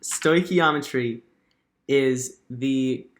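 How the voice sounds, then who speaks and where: Casual teenage co-host, mid-pitched voice. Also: male voice, very slow, noisy background. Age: teens. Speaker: podcast co-host. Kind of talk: casual quiz banter on a live stream.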